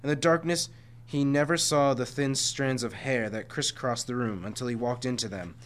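Man reading chapter book aloud, stumbles, self-corrects, mid pitch. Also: moderate pace.

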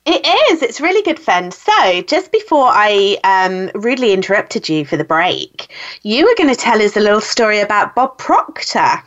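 A woman with a British accent hosting an interview show, chatty and quick to laugh, often restarting her sentences. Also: medium pitch, very animated, fairly bright tone, highs cut off. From Britain. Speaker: podcast host. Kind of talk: casual interview chat.

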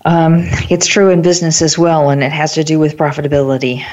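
A woman hosting an interview, asking reflective questions in a measured way and adding short affirmations. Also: deep voice, little pitch movement, a little mellow, muffled recording. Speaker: host.

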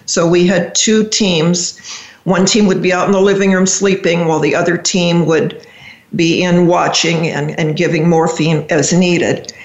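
An older woman, a radio show guest, telling a personal family story in a reflective, halting, emotional way. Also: fairly low pitch, fairly even intonation, highs cut off. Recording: roomy echo.

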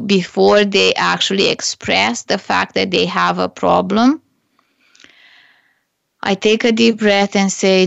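A woman's voice: mid-range voice, steady tone, a little slow, creaky, no room sound, muffled recording. A woman hosting a business coaching show, talking earnestly through her own stories, with hesitant restarts. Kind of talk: solo advice talk to camera.

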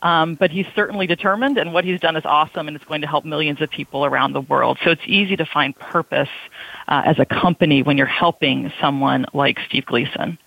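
A woman's voice: low-pitched, brisk, gravelly, dry recording, lo-fi sound. A woman guest on a radio interview, answering thoughtfully and hesitantly, with many ums.

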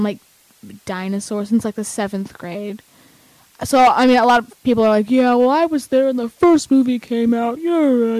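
A young woman chatting casually as a vlogger, excitable and rambling with lots of fillers. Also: sits high, no echo, poor audio. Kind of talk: casual chat.

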